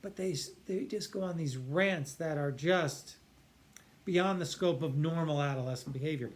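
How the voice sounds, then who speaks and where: A man's voice: fairly high pitch, normal speed. A man, a psychiatrist, explaining earnestly and emphatically, stretching key words and often restarting his sentences. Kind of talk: explanatory talk to camera.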